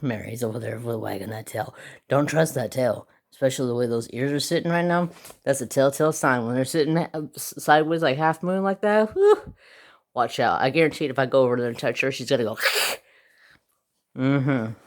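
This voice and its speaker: A man's voice: mid-range voice, brisk. A man hosting a casual craft vlog, rambling about his day and cooing baby talk at his pets. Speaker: craft channel host.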